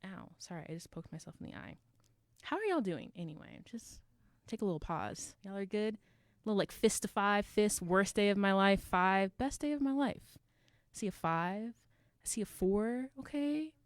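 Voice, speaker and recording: A woman's voice: medium pitch, expressive, moderate pace, dry recording, studio quality. A woman sharing poems at a live open mic with playful, self-deprecating banter, speaking into a stage mic. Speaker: poet and co-director of the group. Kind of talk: casual stage banter and poetry.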